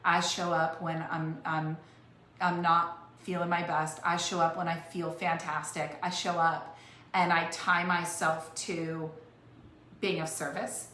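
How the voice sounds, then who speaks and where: A woman's voice: on the low side, level tone, a little slow, sharp tone. A woman life coach giving an earnest, emotional motivational talk, often restarting her phrases as she speaks. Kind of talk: heartfelt motivational talk to camera. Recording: echoey room with faint noise.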